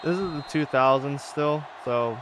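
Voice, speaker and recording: A man casually commentating his own football video game run, offhand and swearing, with sudden excited outbursts. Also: fairly high pitch, measured pace, noisy background. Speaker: gaming channel host. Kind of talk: casual let's-play commentary.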